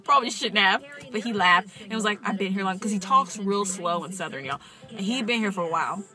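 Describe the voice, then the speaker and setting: A young woman talking straight to her viewers in an excited, rambling casual vlog, with plenty of asides to the audience. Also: medium pitch, fairly quick, music in the background. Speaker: vlogger.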